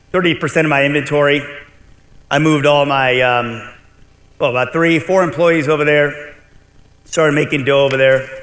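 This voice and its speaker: A middle-aged restaurant owner, his voice on the high side and fairly bright, tells his story during a conference keynote. The delivery is blunt and animated with some swearing, and the large convention hall adds long reverb.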